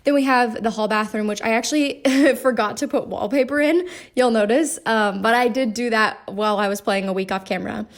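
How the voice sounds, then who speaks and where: A woman's voice: fairly high pitch, brisk, hardly any pauses. A young woman giving a chatty, rambling voice-over on her game build, with lots of fillers. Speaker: game streamer. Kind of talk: casual voice-over commentary.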